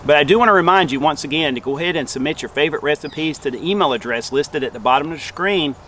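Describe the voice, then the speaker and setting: A man's voice: a little high, quick pace, pushed and bright, a little hiss or hum. A man hosting a casual outdoor camp cooking show, talking to viewers in a folksy, friendly way while outdoors in the woods.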